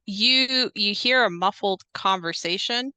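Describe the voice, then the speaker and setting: A young woman narrating a tabletop horror game as game master, measured and unhurried, with frequent hesitant fillers. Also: medium pitch, bright, forceful tone, smooth, no echo.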